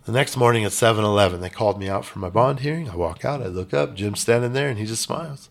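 A man's voice: on the low side, expressive, fast talker, creaky. A man telling a personal story in a casual interview, blunt and emphatic with some swearing. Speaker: podcast guest.

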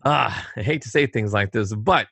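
A man's voice: fairly low pitch, normal speed, creaky, fairly bright tone, slightly rough, dry recording. A middle-aged man co-hosting a casual political talk show, talking emphatically with rhetorical questions and repeats.

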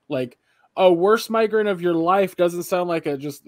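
A man's voice: high-pitched, unhurried, no echo, studio quality. Profane rambling young man telling stories. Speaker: podcast co-host. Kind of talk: casual chat.

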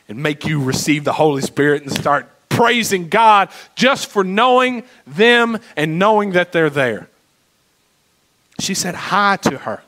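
Brief: male pastor preaching a sermon, high bright voice, passionate delivery. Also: rough recording. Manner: impassioned preaching, swinging between loud and hushed.

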